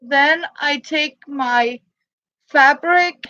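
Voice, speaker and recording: Slow, halting high-voiced woman. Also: bright, forceful tone, no echo, dull audio. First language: Danish. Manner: halting, searching for words, many fillers. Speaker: crafter showing handmade boots. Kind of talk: casual show-and-tell.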